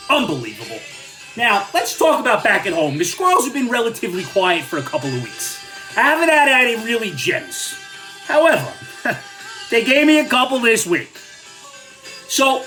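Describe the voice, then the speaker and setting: A man's voice: extremely high pitch, bright, forceful tone. An older man giving a blunt, sarcastic, opinionated rant on his own vlog. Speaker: vlogger. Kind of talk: ranting commentary vlog.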